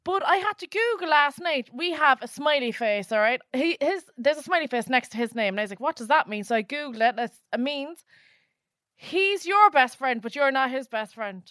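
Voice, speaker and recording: A woman with an Irish accent, co-hosting a casual chat podcast as an animated, self-mocking storyteller. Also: sits high, normal speed, dry recording, clean studio sound. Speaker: podcast co-host.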